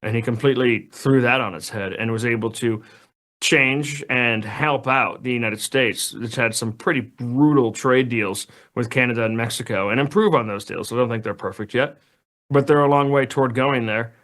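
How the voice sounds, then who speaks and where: A man's voice: mid-range voice, moderate pace, fairly bright tone. A man speaking as a guest commentator, giving opinionated political analysis in a conversational way with frequent restarts. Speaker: news editor guest.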